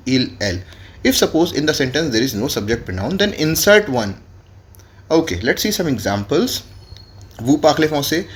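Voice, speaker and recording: Man spelling out French grammar. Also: fairly high pitch. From India. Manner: spells out words letter by letter. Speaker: French teacher. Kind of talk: classroom lesson.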